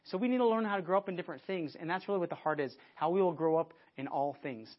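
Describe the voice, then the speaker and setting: A man preaching a conversational sermon to a church audience, lively and often restarting his sentences. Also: fairly high pitch, fast talker. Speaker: pastor. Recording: dull lo-fi sermon recording.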